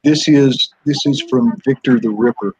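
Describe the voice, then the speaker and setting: A man talking earnestly on a casual live stream, laughing often, with a husky voice. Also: mid-range voice, normal speed, crowd noise. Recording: dull dry online audio.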